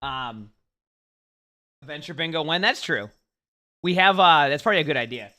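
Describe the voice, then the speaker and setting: A young man talks casually to his livestream viewers, rambling and restarting his sentences. His voice sits a little high and sounds bright and forward. He chats loosely, with plenty of fillers. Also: expressive, moderate pace. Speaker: streamer.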